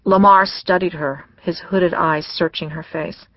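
Read in a measured, scripted way as an audiobook narrator, with a gravelly voice in a dull, dry recording. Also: medium pitch, fairly even intonation, no echo.

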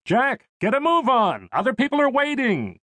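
A man voicing a worried, protective middle-aged wealthy mother in an audiobook, raising his voice high for her. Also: expressive, normal speed, dry recording. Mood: urging. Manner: fussy, protective.

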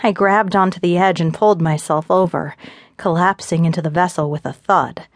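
A woman reads first-person romance narration in a steady, measured voice. Her pitch sits a little low, and the studio sound is dry and close. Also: no echo. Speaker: audiobook narrator. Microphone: close studio mic.

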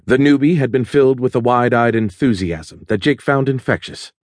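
A man narrating a thriller audiobook in a steady, measured storytelling manner. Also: mid-range voice, no echo, clean studio sound.

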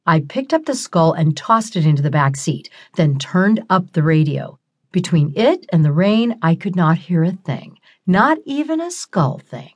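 A woman narrating a novel in the first person, in a wry, expressive storytelling manner. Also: on the low side, a little slow. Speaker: audiobook narrator.

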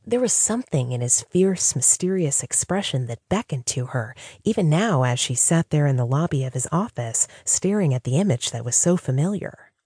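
A woman narrating a romance audiobook in a low, mellow voice with a husky edge. Her reading moves expressively up and down. The sound is close and dry. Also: lively intonation, moderate pace, hardly any pauses, no echo.

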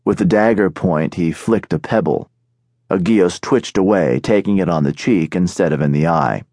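A man narrating an audiobook in a steady, measured storytelling manner, recorded on a studio microphone. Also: low-pitched, no room sound. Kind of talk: scripted narration.

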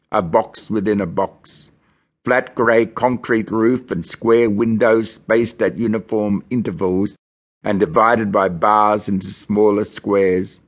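A man from Australia reads a novel aloud in the first person, measured and grim. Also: fairly low pitch. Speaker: audiobook narrator.

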